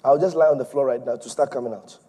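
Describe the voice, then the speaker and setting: A male preacher delivering an emphatic, repetitive sermon that swings between loud and soft. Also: mid-range voice, fast, slightly rough.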